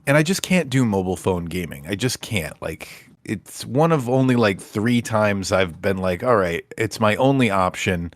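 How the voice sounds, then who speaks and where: Man, podcast co-host, rambling casual chat, deep voice, dry recording. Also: moderate pace, hardly any pauses, dry recording. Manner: relaxed, rambling, self-deprecating.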